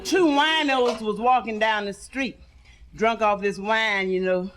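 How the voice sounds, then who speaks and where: A woman's voice: on the high side, measured pace, fairly bright tone, slight background noise. A woman telling bawdy stand-up jokes in an earthy style, calling the audience honey. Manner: earthy, calls listeners honey. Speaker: stand-up comedian. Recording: live audience laughing along. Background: audience laughter and responses.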